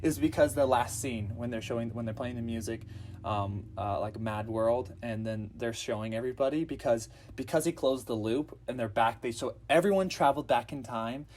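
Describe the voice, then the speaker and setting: A man co-hosting a casual movie discussion, retelling scenes with lively acted-out lines. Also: medium pitch, normal speed. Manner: animated, acts out movie lines. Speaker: podcast co-host.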